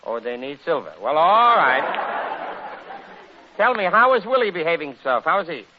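A man's voice: on the high side, moderate pace, crowd noise. A man doing a rambling comic monologue and a one-sided phone call on the radio, joking his way from story to story. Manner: rambling, jokey storyteller with a lively, animated delivery. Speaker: radio comedian. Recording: dull lo-fi old radio recording with faint hiss.

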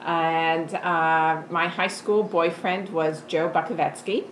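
Guest: older woman from Canada, lowish voice, relaxed chat, echoey porch. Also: takes it slowly, slight background noise. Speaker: podcast guest. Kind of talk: casual interview. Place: screened-in porch.

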